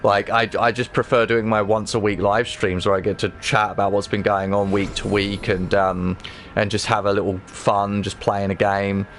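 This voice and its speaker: A man streaming himself playing a game, chatting casually to viewers with rambling, excitable talk and frequent swearing. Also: on the low side, moderate pace, slight background noise. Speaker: livestreamer. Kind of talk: casual gameplay livestream chat.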